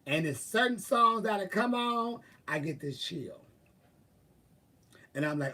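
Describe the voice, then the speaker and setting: A man hosts a live stream, chatting casually with viewers and answering them in a sassy, profane manner with drawling asides. His voice sits high and sounds animated and sharp, he takes it slowly, and he's far from the mic.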